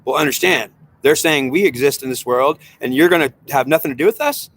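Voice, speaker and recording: A man delivers a heated spiritual monologue in a voice pitched a little higher than most men's. He talks in an agitated, rambling way and keeps circling back on the same points, repeating them again and again. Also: a little fast, few pauses, fairly bright tone. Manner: agitated and rambling, with frequent repetition.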